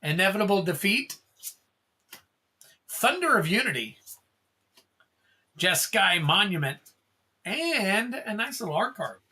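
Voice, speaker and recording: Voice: medium pitch, very animated, sharp tone, breathy edge. A livestream host casually commenting while opening trading cards and reading off card names one by one. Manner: reads off card names in a quick, offhand list.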